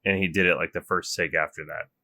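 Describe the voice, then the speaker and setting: Deep, bright-toned young man chatting. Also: steady tone, fast talker. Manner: chatty, trails off and restarts, self-described gamer. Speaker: podcast co-host. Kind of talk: casual chat.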